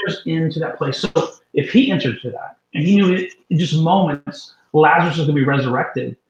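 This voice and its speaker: A man tells a story on a faith talk show, animated and emphatic, acting out the voices of the people in it. His voice sits a little high for a man. The sound is roomy and a bit dull. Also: a little fast. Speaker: guest minister.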